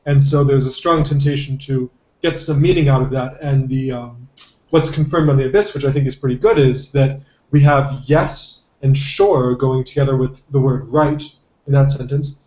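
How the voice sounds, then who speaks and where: A man's voice: mid-range voice, steady tone, moderate pace, darkish tone. A man co-hosting a podcast who works through his points carefully, hedging with lots of ums and uhs. His voice sits in a roomy echo. The recording sounds dull and lo-fi. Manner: thoughtful, hedging with many fillers. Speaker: podcast co-host. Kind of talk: casual analytical discussion.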